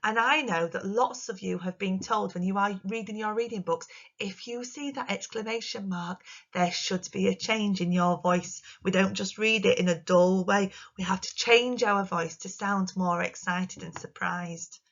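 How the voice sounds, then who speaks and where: A woman teacher, giving a recorded lesson to young children in an expressive, sing-song way. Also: medium pitch, moderate pace, muffled recording. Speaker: primary school teacher.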